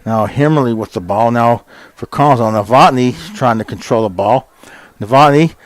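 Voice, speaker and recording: A man announces a local soccer match with homespun chatter, pausing for fillers and picking up speed when the play gets close to goal. His voice sits in the middle range. The sound is dry and close to the mic. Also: mid-range voice, dry recording. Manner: folksy and chatty, with many fillers, quickening on shots. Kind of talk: casual sports commentary. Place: high school soccer game broadcast.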